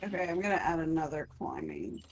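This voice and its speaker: A woman streamer chatting casually as she plays, narrating each move with lively reactions. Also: deep voice, fairly quick, a little hiss or hum, poor audio. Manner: chatty, animated, narrates her moves. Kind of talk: casual gameplay chat.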